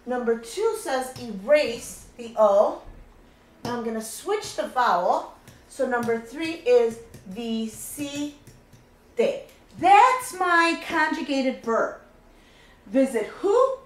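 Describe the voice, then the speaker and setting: A woman talks a class through a grammar lesson, repeating the key rule until it sticks. Her voice sits high and her pace stays slow and deliberate. The recording carries a roomy echo. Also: big pitch swings. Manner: patient, repeats key points, walks through steps. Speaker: Spanish teacher.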